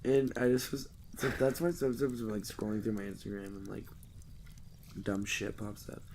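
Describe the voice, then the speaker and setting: A man's voice: lowish voice, level tone, moderate pace, darkish tone, slight background noise. A young man co-hosting a podcast, rambling and joking in casual chat with lots of fillers. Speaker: podcast co-host.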